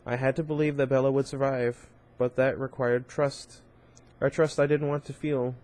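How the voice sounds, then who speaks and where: A man reading a novel aloud in an informal, unpolished way. His voice sits at a middle pitch, and he trips over words now and then, correcting himself and adding brief asides. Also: flat delivery, moderate pace, a little mellow. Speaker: reader.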